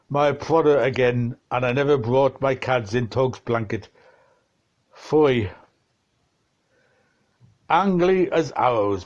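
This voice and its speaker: A man reading a dense novel aloud, slow and deliberate, shifting his tone for the quoted exchanges. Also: medium pitch, a little mellow, highs cut off. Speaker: reader of a novel.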